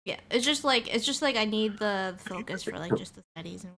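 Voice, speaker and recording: A young woman, a player and streamer, chatting casually in a quick, talkative way with little laughing asides. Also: medium pitch, lively intonation, vocal fry, very noisy. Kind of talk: casual chat.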